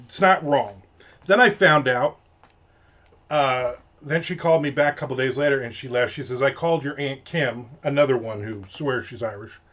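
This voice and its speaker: A man in his fifties talks in a loose, rambling way, cracking jokes as he goes. His voice sits at an ordinary middle pitch. The stream audio is a little dull and lo-fi. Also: moderate pace, fairly bright tone. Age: 50s. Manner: rambling, joking storyteller who mimics his mother. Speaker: author streaming a live writing session. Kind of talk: casual live-stream chat.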